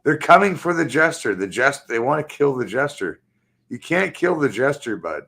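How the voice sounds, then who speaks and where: A man's voice: medium pitch, sing-song, moderate pace, gravelly, pushed and bright. A man in a casual group chat, ranting in an agitated, repetitive way and swearing a lot.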